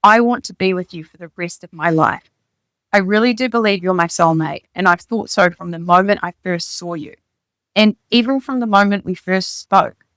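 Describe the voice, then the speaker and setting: This is an eager, playful young man who turns earnest and pours his heart out in a steady stream. A woman reads him aloud in a lower voice, keeping him only a little lifted. The sound is close and dry with no room around it. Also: dry recording, close to an everyday voice. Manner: earnest, gushing, rapid declarations.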